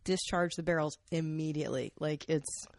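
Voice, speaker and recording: A woman's voice: low voice, fairly even intonation, no echo. Joking woman, dry close sound. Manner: quick, joking and chatty. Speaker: comedian guest. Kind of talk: casual chat.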